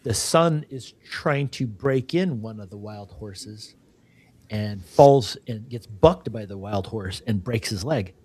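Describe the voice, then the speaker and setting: A man hosts a laid-back interview podcast, his voice slightly husky. He thinks aloud, circling back and restarting as he unfolds an old parable for his guest. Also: lowish voice, slow, darkish tone, no echo. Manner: reflective, rambling storyteller with restarts and "you know". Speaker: podcast co-host. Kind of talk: casual conversational interview.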